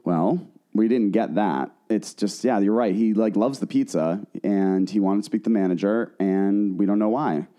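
A man's voice: on the low side, moderate pace, hardly any pauses, mellow. A man co-hosting a comedy podcast, reading reviews aloud in a dramatic, mocking voice. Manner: dramatic, mocking read-outs with laughs. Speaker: podcast co-host.

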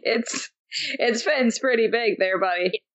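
A young woman hosting an interview, asking questions in a relaxed, friendly way. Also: on the high side, measured pace. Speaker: interviewer, host. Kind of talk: casual interview chat. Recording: dull lo-fi sound.

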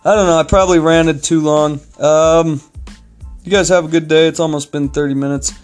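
A man's voice: a little high, steady tone, normal speed, soft background music. A man vlogger giving a rambling, angry monologue full of swearing. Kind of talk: profane ranting monologue.

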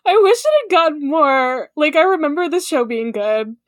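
A woman's voice: sits high, big pitch swings, normal speed, dry recording, clean studio sound. A woman co-hosting a podcast in casual chat, rambling and swearing as she tells a story. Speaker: podcast co-host.

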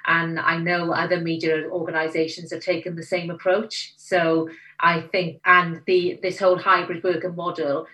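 A Welsh woman with a Valleys accent, speaking low in pitch but with a bright, forceful edge. She chats frankly and with a little self-mockery as a guest on an interview podcast. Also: moderate pace, distant mic, rough recording. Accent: South Wales Valleys Welsh. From Wales. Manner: frank, lively, self-deprecating. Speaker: magazine editor, podcast guest. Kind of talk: casual interview chat.

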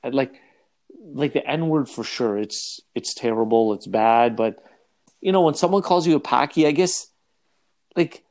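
A man in casual podcast chat, joking and animated, often laughing. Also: mid-range voice, normal speed. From North America.

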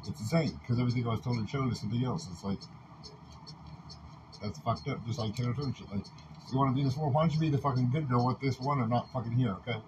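A man's voice: medium pitch, fast talker. A man delivering a rambling, agitated, profanity-filled monologue as a podcast host, talking in long runs broken by constant fillers. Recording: muffled lo-fi recording with faint background noise.

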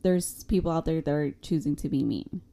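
A woman's voice: low voice, animated, fairly quick, vocal fry, warm tone. A young woman co-hosting a podcast, talking earnestly about work and quoting coworkers, laughing at herself. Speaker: podcast co-host. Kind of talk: casual chat.

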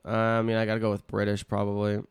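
A man's voice: fairly low pitch, completely flat delivery, fast, smooth, no room sound, studio quality. A young man co-hosting a casual podcast, blunt and profane, given to exasperated rants. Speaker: podcast co-host. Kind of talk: casual chat.

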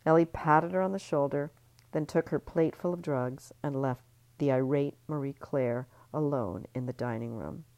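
A woman reading her own novel aloud in a calm, measured way, now and then restarting a word. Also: low voice, no echo, muffled recording. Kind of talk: audiobook-style novel reading.

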